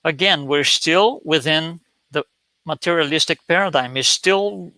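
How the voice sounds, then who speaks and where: A man's voice: a little high, a little slow, pushed and bright, no echo. A man giving a talk with slides, telling a story with many fillers and restarts. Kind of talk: lecture with slides.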